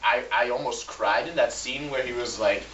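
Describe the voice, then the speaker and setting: A man's voice: medium pitch, a bit bright, slight background noise. A man co-hosting a casual film review, joking and laughing as he talks. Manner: joking, laughing, tries quick impressions. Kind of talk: casual chat. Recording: echoey room, far from mic, dull lo-fi.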